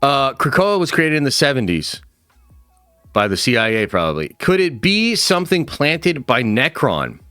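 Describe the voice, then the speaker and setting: Streamer dude reading chat, pitch jumps all over, dry close mic, swears a lot. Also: male voice, moderate pace, dry recording, soft background music. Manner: casual, animated, swears freely. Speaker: streamer host. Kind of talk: livestream commentary with chat.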